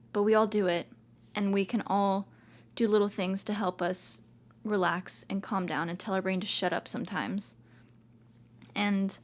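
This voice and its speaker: Chatty young woman podcast host. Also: mid-range voice. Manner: chatty, reassuring, self-talking with many "like"s. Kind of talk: casual self-help talk.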